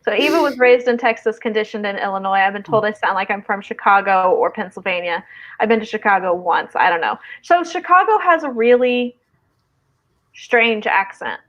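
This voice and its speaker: A woman's voice: mid-range voice, lively intonation, normal speed, fairly bright tone, lo-fi sound. A woman from the American Midwest hosting a casual livestream chat, chatty and reading viewer comments aloud. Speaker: livestream host.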